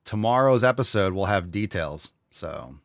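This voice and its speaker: A man's voice: lowish voice, animated, no echo, studio quality. A young man hosting a live podcast, joking and irreverent as he answers viewer questions. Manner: joking, irreverent, quick asides and put-on voices. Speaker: podcast host.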